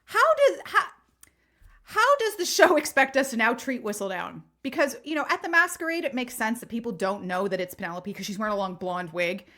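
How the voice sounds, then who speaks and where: A woman's voice: a little high, brisk. Chatty woman co-hosting a podcast. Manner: chatty, animated, swearing freely. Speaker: podcast co-host. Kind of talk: casual chat.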